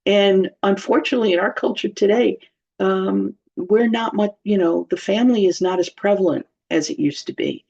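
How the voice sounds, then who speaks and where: A woman's voice: medium pitch, normal speed, vocal fry, mellow, husky. A woman giving informal, humorous Bible teaching in a chatty way, laughing often. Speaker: church teacher. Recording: slightly dull lo-fi sound.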